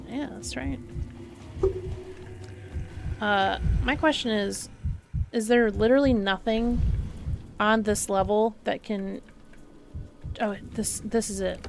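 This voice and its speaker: A woman streamer talks through her game in a loose, chatty flow, thinking aloud and reading the on-screen dialogue as she goes. Her voice has a gravelly, creaky edge at a middling pitch, and soft music plays faintly behind her. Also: steady tone, slow, long pauses. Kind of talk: live gameplay commentary.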